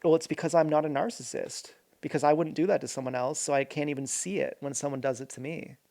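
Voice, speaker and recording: A man's voice: a little high, fairly even intonation, fast talker, creaky, dark tone. A man vlogging a rambling, earnest personal monologue, often stopping to correct himself.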